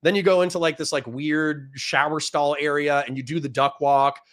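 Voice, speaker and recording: Male Marine veteran with a fairly high voice, casual and profane, rambles through stories with frequent laughs. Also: steady tone, moderate pace, a bit bright. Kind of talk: casual storytelling.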